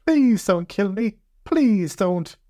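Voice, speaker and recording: A man voicing a tiny magic advertising spell that cries out in high, desperate pleas. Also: lively intonation, slow pace, warm tone, no echo, clean studio sound. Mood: pleading, wailing.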